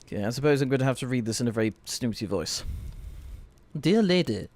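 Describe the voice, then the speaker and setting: A man's voice: mid-range voice, rapid-fire, darkish tone. A man streaming a puzzle game, chatting casually, muttering to himself and reading clues aloud. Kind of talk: casual gaming stream chat.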